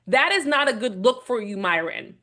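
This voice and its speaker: A woman's voice: a little high, normal speed. A woman hosting a casual video commentary, talking bluntly with strong opinions and swearing freely as she rambles through her points. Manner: rambling with restarts, animated retelling. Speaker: vlog host reviewing a documentary.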